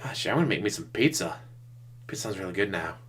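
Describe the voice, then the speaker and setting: This one is low, husky and fairly bright, and he talks fast and expressively. Picked up by a desktop USB mic, he ridicules another streamer's broadcast in a casual, sarcastic running reaction.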